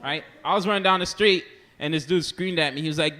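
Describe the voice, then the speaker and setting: A man's voice: fairly high pitch, quick pace, pushed and bright. A male stand-up comedian from Haiti, telling a rambling, self-deprecating story. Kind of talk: stand-up set. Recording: long reverb and noisy hall.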